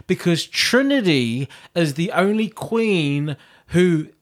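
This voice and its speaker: Animated higher-voiced man chatting. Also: takes it slowly. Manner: animated, laughs often, mimics voices. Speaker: podcast co-host. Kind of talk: casual chat.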